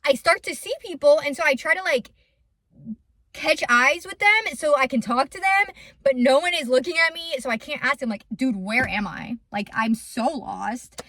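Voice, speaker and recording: A young woman with a high voice tells a casual storytime, chatty and full of fillers. The sound is dry and close, with no room echo. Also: expressive, normal speed, pushed and bright. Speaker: lymphatic massage business owner.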